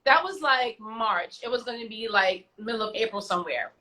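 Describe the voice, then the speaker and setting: Animated woman telling stories on a video call. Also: fairly high pitch, moderate pace, slight background noise, low-quality recording. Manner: animated, acts out voices in her stories; chatty, with slangy asides. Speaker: guest singer. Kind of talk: casual storytelling.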